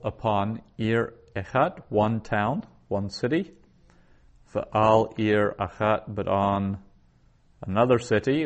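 A man lecturing to a class, with a lowish voice. He talks slowly and deliberately, saying each word and repeating it before he explains it. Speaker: Biblical Hebrew teacher.

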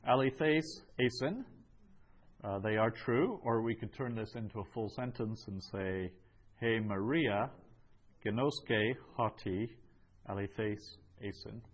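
Male teacher, unhurried delivery with fillers, dull muffled recording. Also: fairly low pitch. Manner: slow, measured, with many fillers. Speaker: Greek teacher. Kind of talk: classroom lesson, going over answers.

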